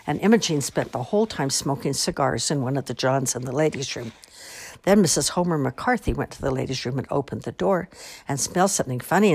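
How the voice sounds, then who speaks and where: A woman reading a children's novel aloud with expressive, wry storytelling. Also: rumbling low, breathy edge.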